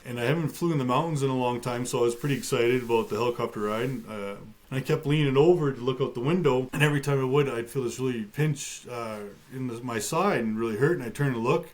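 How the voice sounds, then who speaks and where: A man's voice: medium pitch, a little fast, few pauses. A man, a guest on a talk show, telling a personal story in a matter-of-fact way with touches of light humor and frequent fillers. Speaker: guest, bear attack survivor.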